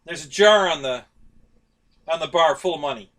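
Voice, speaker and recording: A man's voice: on the high side, moderate pace, fairly bright tone. A man hosting a casual live stream, telling jokes in a loose, rambling way and chuckling at his own punchlines. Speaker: show host.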